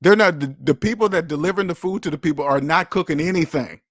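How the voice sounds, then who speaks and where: A man's voice: fairly high pitch, fast, no room sound, studio quality. A man hosting a casual livestream about money, talking bluntly and with lots of swearing, acting out both sides of phone calls. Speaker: finance channel host.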